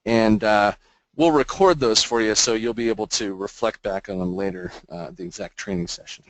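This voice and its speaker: A man presenting a software product demo in a webinar, explaining features in a casual, filler-laden way. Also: on the low side, moderate pace, dry recording, rough recording.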